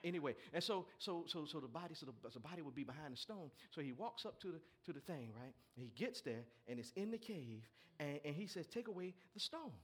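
A male pastor a sermon, reading scripture and breaking into lively asides to the congregation. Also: fairly high pitch, fast talker, few pauses, breathy edge. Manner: animated preaching with asides to the congregation.

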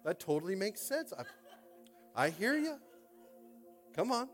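A man preaching a sermon in an animated way, tossing out call-and-response asides and swinging from loud to hushed. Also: sits high, a little slow, soft background music. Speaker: pastor.

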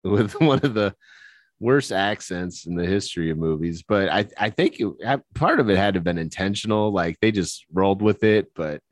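A man with a very deep voice chats casually as a podcast co-host, his pitch leaping around animatedly. He laughs a lot and often restarts his sentences. The sound is dry and close, with no room echo. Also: expressive, normal speed. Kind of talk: casual chat about movies.

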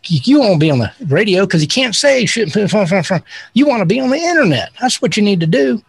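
A man putting on a Houston accent to play a blunt, gruff male tech man. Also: high-pitched, big pitch swings, normal speed, no room sound, pitched above the performer's own voice, exaggerated voice. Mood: reassuring. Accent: Houston, Texas.

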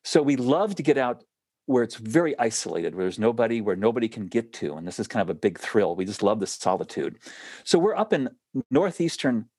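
Male guest in casual chat, animated and laughing, lively delivery in a dry, close recording. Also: medium pitch, a little fast, husky, dry recording. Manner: animated, laughs often, restarts sentences.

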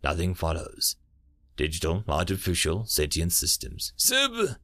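Brief: male audiobook narrator, animated pitch, dry close sound. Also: normal speed, dry recording. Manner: animated narration with many voiced characters.

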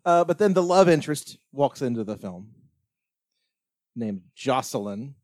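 A man hosts a relaxed movie podcast, rambling through the plot with jokes and easy laughter. His voice sits at an average pitch and the sound is dry and close. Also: unhurried, no echo. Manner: rambling, jokey, laughs often. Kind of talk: casual movie podcast chat.

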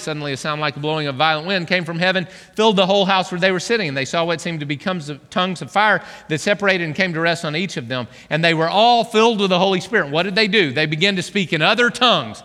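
A man preaches to a congregation, animated and joking as he coaxes them along. His voice sits high and sounds bright and forceful, and it rings out with the long reverb of a large hall. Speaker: pastor. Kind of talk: sermon. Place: church hall.

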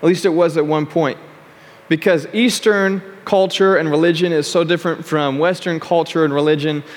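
Chatty young pastor in a reverberant hall. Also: male voice, on the high side, steady tone, moderate pace. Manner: chatty, repeats "all right" and "okay" to check in with listeners. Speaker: youth pastor. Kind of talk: casual youth sermon. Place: large hall with a live youth audience.

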